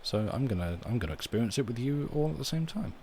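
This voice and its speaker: A man from the UK, hosting a livestream from home in a soft, rambling, chatty way and reading poetry aloud. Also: medium pitch, big pitch swings, fast, a little hiss or hum. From United Kingdom. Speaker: livestream host. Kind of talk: casual livestream chat and poem reading. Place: home room.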